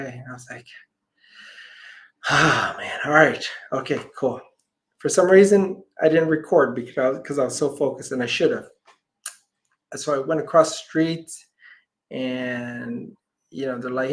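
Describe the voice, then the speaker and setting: A man's voice: mid-range voice, moderate pace, gravelly. A man, a healer guest on an interview show, telling a long personal story and acting out the voices of the people in it, sometimes dropping almost to a whisper. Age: adult parent. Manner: animated storyteller, acts out quoted voices, drops to near whispers.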